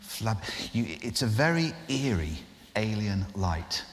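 A man, a guest impressionist, telling an animated anecdote on a festival stage in front of an audience. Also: fairly low pitch, slow. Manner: animated storyteller, restarts. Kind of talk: live podcast anecdote. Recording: live hall reverb with faint noise.

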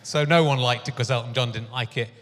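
A man's voice: mid-range voice, steady tone, fast talker, fairly bright tone. A man hosting a comedy podcast in a casual chat, playfully asking his guest running-gag questions on stage before a live audience. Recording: live venue with long reverb.

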